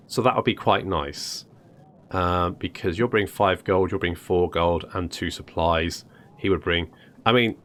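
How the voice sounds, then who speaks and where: A man's voice: sits low, a bit bright. A man casually commenting on a game he is playing, joking and thinking aloud. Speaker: gaming video host.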